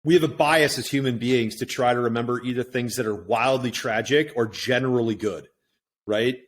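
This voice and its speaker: A man's voice: medium pitch, normal speed. A middle-aged man talking as a podcast guest in a casual, reflective way, often checking in with "right?". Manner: reflective, tags points with "right?". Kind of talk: casual conversation.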